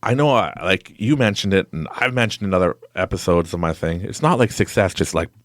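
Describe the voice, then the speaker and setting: A man hosting a podcast in casual interview chat, a rambling, animated storyteller who laughs often. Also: deep voice, fairly quick, no echo, clean studio sound. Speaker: podcast host.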